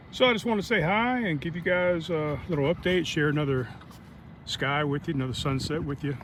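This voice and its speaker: Brief: middle-aged man, casual rambling vlog chat, earbud mic outdoors with clear traffic noise behind. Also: medium pitch, rough recording. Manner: relaxed, rambling, friendly. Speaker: vlogger. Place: outdoors on a walking trail at sunset.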